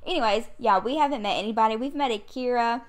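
A woman's voice: on the high side, fast talker. Chatty, easily annoyed woman gamer. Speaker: gaming video creator. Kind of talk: casual gameplay commentary. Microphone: USB condenser desk mic.

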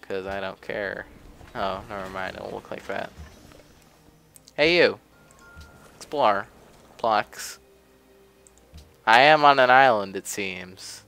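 A man's voice: on the low side, slow, vocal fry, pauses often, sharp tone, clear, resonant tone, soft background music. A young man giving casual, chatty commentary while playing a game, often grumbling offhandedly. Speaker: gameplay commentator. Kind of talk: casual let's play commentary. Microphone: desk mic.

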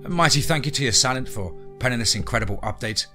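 A man hosting a podcast, narrating a horror story in a deliberate, hushed way. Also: medium pitch, animated, music in the background.

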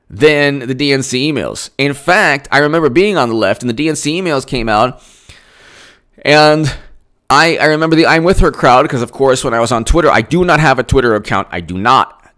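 A man's voice: mid-range voice, fairly bright tone. A man doing solo political commentary, ranting and sarcastic, mocking people in put-on voices.

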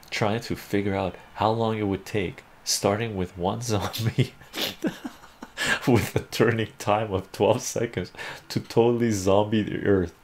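A man's voice: low voice, creaky, a little mellow, a little hiss or hum. A man hosting a live stream from home, chatting casually and reading out viewer comments, laughing often and thinking aloud. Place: home room with a meowing cat.

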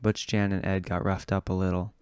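A man reading the lines of a calm, steady woman. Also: low-pitched, a little fast, smooth, dry recording, studio quality, close to an everyday voice.

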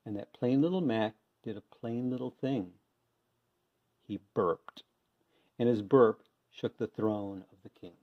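A man reading a children's picture book aloud with lively, expressive delivery, on a dull lo-fi recording. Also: lowish voice, a little slow. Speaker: reader. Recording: dull lo-fi sound.

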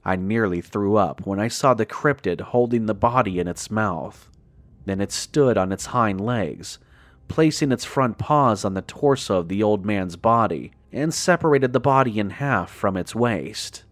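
Guy narrating a horror story, kinda low voice, dry close sound, slow and dramatic on the gory bits. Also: no echo. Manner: measured, dramatic reading that slows on grim details. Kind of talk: scripted first-person horror narration.

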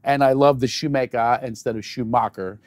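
A middle-aged man, a comedian who chats as a guest. He jokes at speed and hits his punchlines loud. His voice sits mid-range and sounds dry and close to the mic. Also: mid-range voice, fairly even intonation, no room sound. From Philadelphia, USA. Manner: quick, jokey, bursts of loud punchlines. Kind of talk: joking interview chat.

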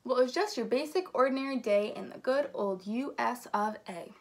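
A woman from a school staff reads a children's picture book aloud. Her slightly high voice carries a lively, engaged storytelling manner. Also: a little fast. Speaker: elementary school staff member.

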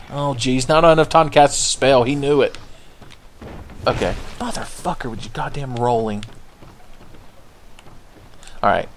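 A man's voice: mid-range voice, moderate pace. A man giving casual, profane, sarcastic commentary while playing a video game. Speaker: gameplay commentator. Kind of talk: casual let's-play commentary.

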